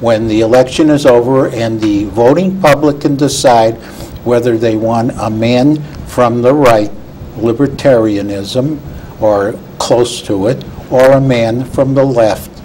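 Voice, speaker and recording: A man's voice: mid-range voice, unhurried, mellow, rough recording. An opinionated man gives firm views as a guest on a political roundtable. His voice sits mid-range, with faint noise behind it. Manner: opinionated, emphatic. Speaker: guest commentator. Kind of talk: political discussion.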